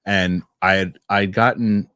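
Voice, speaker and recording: A middle-aged man hosting a casual talk show, telling stories and reading viewer messages with animated, excitable delivery. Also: sits low, moderate pace, clean tone, no echo, studio quality. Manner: animated storytelling, excitable rants. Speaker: show host. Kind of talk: casual chat.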